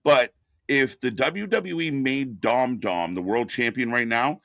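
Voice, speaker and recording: A man talks wrestling in a blunt, profane rant at a medium pitch. His voice sits close and dry on the mic with no room sound. He fires off opinion after opinion in a loose, casual chat. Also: unhurried, gravelly, fairly bright tone, no room sound. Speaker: wrestling commentary host.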